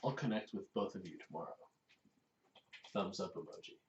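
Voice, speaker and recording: A man's voice: low-pitched, animated, normal speed. Chill guy telling stories on a podcast, sounds far off and kinda muffled. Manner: laid-back storytelling, laughs easily. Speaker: podcast co-host. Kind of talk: casual chat. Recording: roomy, distant, dull, faint hiss.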